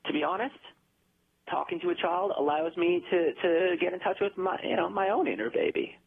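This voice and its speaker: A man's voice: high-pitched, brisk, vocal fry, breathy edge. A man bantering in an improvised comedy sketch, needling and cheeky in manner. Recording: tinny phone-like audio.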